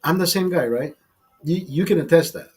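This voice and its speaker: Husky, tipsy man chatting crudely. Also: a little high, a little fast, soft background music. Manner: crude, rambling, repeats phrases, laughs often. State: tipsy from drinking. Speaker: livestream host. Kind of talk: casual late-night chat over beers.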